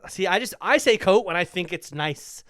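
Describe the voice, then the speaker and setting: A young man co-hosting a casual comedy podcast, telling animated stories and jumping into high squeaky voices when he quotes people. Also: normal speed, no room sound, clean studio sound. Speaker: podcast co-host; stand-up comedian. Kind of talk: casual chat.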